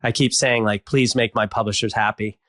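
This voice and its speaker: A man's voice: on the low side, fairly even intonation, brisk, no echo. A man hosting a podcast, casual and affirming toward his guest, in a dry close sound. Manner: warm, affirming, casual, occasional swearing. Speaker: podcast host. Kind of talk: conversational interview.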